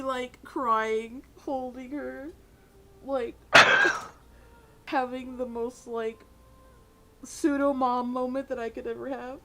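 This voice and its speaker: A woman's voice: sits high, fairly even intonation, takes it slowly, long pauses, fairly bright tone, rough recording. A woman playing a tabletop game who talks expressively, with lots of fillers. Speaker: player.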